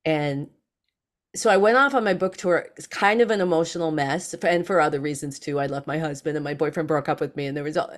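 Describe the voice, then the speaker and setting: A woman guest on a podcast interview, telling stories in an animated way and acting out other people's lines. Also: low voice, fairly quick. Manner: animated, acts out others in lively quotes.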